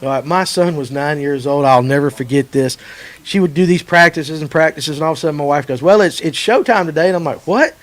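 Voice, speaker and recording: Male podcast host, high voice, loose and jokey storyteller. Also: quick pace. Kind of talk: casual joking chat.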